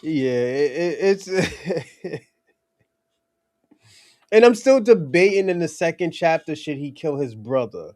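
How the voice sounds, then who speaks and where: A man's voice: on the high side, sing-song, slow, long pauses, darkish tone. A young man rambling casually about his film, laughing often, stumbling over his words and swearing. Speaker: filmmaker talking about his movie.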